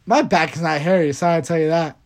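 Young male co-host, high pitch, playful and defensive in casual banter. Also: quick pace. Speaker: podcast co-host. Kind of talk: casual banter between friends.

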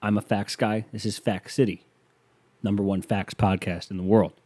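A man's voice: lowish voice, level tone, moderate pace, dark tone, dry recording. A man from the United States hosting a podcast, talking in a rambling, sarcastic monologue into a close mic. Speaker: podcast host.

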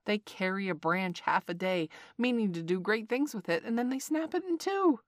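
A woman voicing a huge male rock python in a storybook reading, speaking slowly and deliberately. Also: mid-range voice, animated, no room sound, studio quality, voice pushed up, close to an everyday voice. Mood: scornful. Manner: slow, drawn-out, deliberate.

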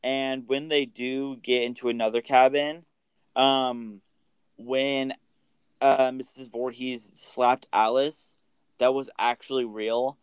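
A man co-hosting a podcast who recaps a film's plot in a loose, rambling way, full of fillers and restarts. His voice is smooth and clear, at a middling pitch, and the sound is dry and close. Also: level tone, slow, no echo, rough recording. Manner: rambling, filler-heavy storytelling. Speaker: podcast co-host.

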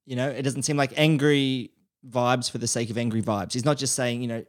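A podcast host talking casually at a middle pitch. He tells the story easily and slips into quoted lines. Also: steady tone, a little fast. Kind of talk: casual chat.

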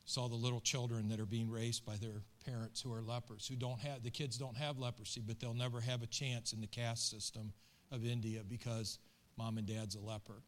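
A man's voice: medium pitch, little pitch movement, fairly quick. A middle-aged man, a pastor, telling a story in an earnest, emotional and colloquial sermon.

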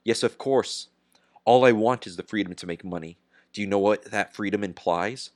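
A man reading the part of a defiant industrialist on trial, speaking gravely and firmly. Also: lowish voice, a little mellow, no room sound, clean studio sound, natural voice. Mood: calm. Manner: grave, measured and firm. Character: defiant steel industrialist on trial, calm and unyielding. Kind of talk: audiobook character reading.

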